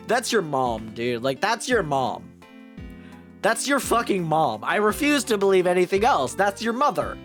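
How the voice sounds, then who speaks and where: A young woman streamer ranting loudly and profanely at a game, often breaking into laughter. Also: on the low side, sing-song, moderate pace, music in the background. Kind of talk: live game stream commentary.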